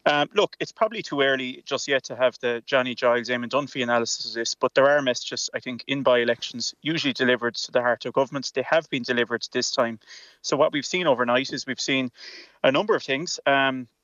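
Irish man, politician, radio interview, rapid, earnest, repeats words, dry, muffled lo-fi line. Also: medium pitch, fairly bright tone, no room sound. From Ireland. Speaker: politician guest. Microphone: remote call.

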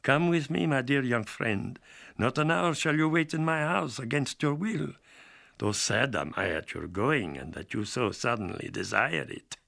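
A man's voice: mid-range voice, lively intonation, measured pace, vocal fry, a bit bright, voice pushed up. A man voicing a courtly, sinister old male vampire count in an audiobook, speaking with stately, suave courtesy that hides menace. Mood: grandly gracious. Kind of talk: audiobook character voice.

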